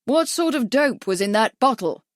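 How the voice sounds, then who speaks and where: A woman voicing a polite, slightly awkward gentleman who speaks loudly and distinctly, as if to a deaf man. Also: a little high, expressive, unhurried, dry recording, clean studio sound, voice pushed up. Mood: earnest.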